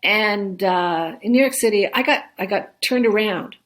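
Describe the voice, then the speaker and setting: A woman's voice: mid-range voice, measured pace, a bit bright. A woman guest in a conversational interview, chatty, often laughing and ending her points with "right?". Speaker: guest, solo travel expert.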